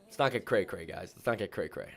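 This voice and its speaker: A man streaming his day trading live, slangy and excitable, swinging between calm muttering and loud whoops as he talks to his viewers. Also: deep voice, quick pace, gravelly. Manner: slangy, keeps addressing viewers as ladies and gentlemen.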